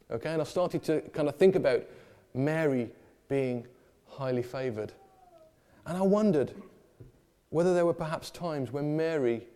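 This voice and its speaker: A man delivering a sermon in a church, with a fairly high but mellow, relaxed voice. He preaches in an animated way, often slipping into the voices of the people in his story for a laugh. His talk stays warm in tone and informal.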